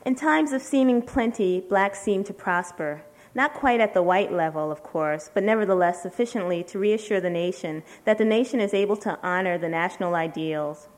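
At a literary event, a woman writer reads a letter to the audience in a medium-pitched voice. She takes her time, speaking deliberately and pausing slowly for emphasis.

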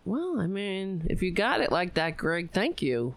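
A woman's voice: lowish voice, measured pace, few pauses, no echo. A woman hosting a live stream, giving casual political commentary with a lot of swearing and sarcasm. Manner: profane, animated, sarcastic.

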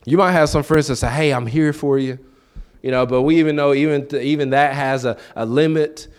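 A man's voice: a little high, steady tone, quick pace, clean tone. A man preaching a sermon in a loose, conversational way, asking the listeners questions and acting out quoted voices. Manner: conversational, repeats words and acts out quoted voices.

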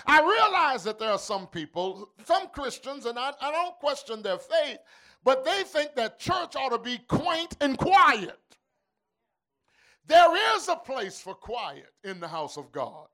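A male pastor preaching with call-and-response, dropping to quiet asides and rising to shouted, fervent climaxes. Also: high-pitched, lively intonation, unhurried. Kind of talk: sermon.

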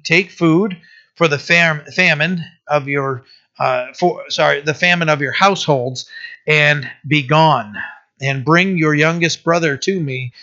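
Male pastor, conversational sermon; bright, slightly high voice; dull lo-fi recording. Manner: conversational, many fillers, asks listeners "right?". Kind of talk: sermon reading and explaining scripture.

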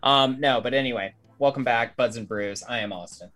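A man's voice: mid-range voice, fairly quick, a bit bright. A man hosting a podcast in casual chat, joking and swearing freely. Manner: profane, joking. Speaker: podcast host.

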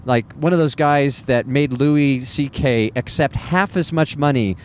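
A man's voice: mid-range voice, unhurried, slight background noise. A man who works as a stand-up comedian, talking in a casual, self-deprecating monologue with wry laughs.

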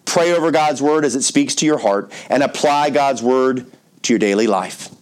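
A man delivering a sermon in a relaxed, talky way, leaning hard on key words and dropping in asides to his listeners. His voice sits at a middle pitch for a man. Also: normal speed. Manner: conversational and emphatic, with asides like "man" and "okay". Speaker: pastor. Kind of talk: storytelling sermon.

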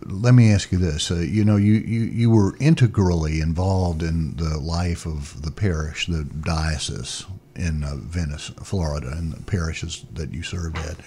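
Male radio host, very deep and husky, conversational questions. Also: unhurried, few pauses, mellow. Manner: conversational, asks questions, makes appeals. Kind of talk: radio interview.

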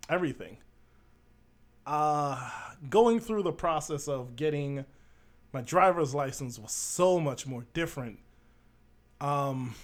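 Candid chatty man from Jamaica. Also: a little high. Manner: candid, blunt, chatty with many fillers. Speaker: podcast host. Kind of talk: casual monologue.

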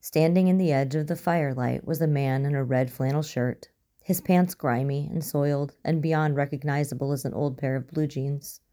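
A woman reading a story aloud as narrator, in a steady, even storytelling manner. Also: deep voice, normal speed. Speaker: story reader. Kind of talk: audiobook narration of fan fiction.

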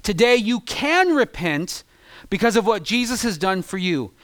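A man preaching a sermon as pastor, impassioned, swinging between loud peaks and hushed, confessional asides. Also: sits high, very animated, normal speed, no room sound.

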